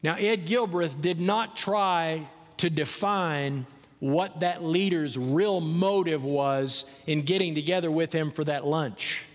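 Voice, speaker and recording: A male pastor preaching a sermon, telling a story and swinging from soft, slow passages to emphatic ones. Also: a little high. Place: large church sanctuary. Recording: church sanctuary with long reverb.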